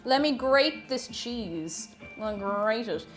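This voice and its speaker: A woman's voice: a little high, expressive, slow pace, faint music behind. A young woman chatting on a baking live stream, greeting viewers one by one and laughing often.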